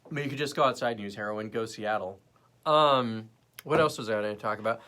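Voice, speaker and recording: A man's voice: fairly low pitch, fairly quick. A young man hosting a casual livestream, rambling between topics and chatting with viewers in the comments. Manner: rambling, animated, jumps between topics and chat. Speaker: livestream host.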